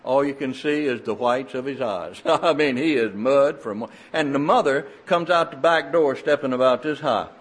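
An older man preaching a sermon, telling folksy stories in an animated, emphatic way. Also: medium pitch, normal speed, hardly any pauses, slightly rough.

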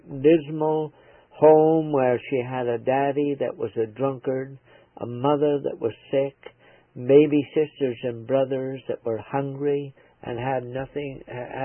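A male preacher tells a moral story in a slow, earnest, sometimes halting way. His voice is husky. The sound is dry and phone-thin, like an old radio broadcast. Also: mid-range voice, dry recording, phone-quality sound.

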